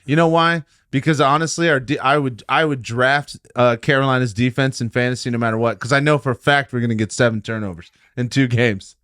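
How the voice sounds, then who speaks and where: A man co-hosting a podcast, chatting casually about football, swearing freely, laughing often and getting loud when excited. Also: medium pitch, a little fast, few pauses, dry recording, studio quality. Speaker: podcast co-host. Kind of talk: casual sports chat.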